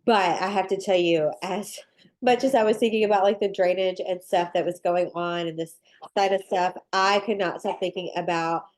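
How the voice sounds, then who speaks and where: A woman's voice: lowish voice, fairly even intonation, moderate pace, a little mellow. A woman with a nasal, stuffed-up voice from a sinus infection, hosting a live online cookie-decorating workshop in an upbeat, rambling, chatty way. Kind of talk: casual live webinar talk.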